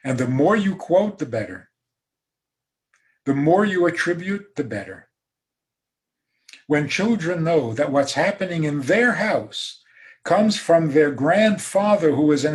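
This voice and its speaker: A man giving a rabbi's talk over a video call, emphatic, with dry humor and soft laughs. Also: a little high, big pitch swings, unhurried, long pauses. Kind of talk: talk on a zoom call, answering questions.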